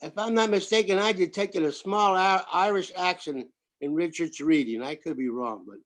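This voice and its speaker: A man's voice: high voice, normal speed. An American man in his seventies chatting on a video call, joking and telling rambling anecdotes. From United States. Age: 70s. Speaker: participant. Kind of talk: casual chat on a video call.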